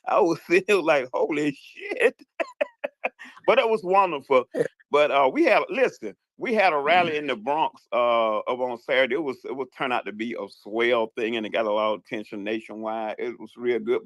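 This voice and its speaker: A man's voice: mid-range voice, brisk, fairly bright tone, dry recording. A man with a Southern US accent calling into an online audio room, talking bluntly and emphatically with plenty of profanity. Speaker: caller. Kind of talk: casual call-in chat.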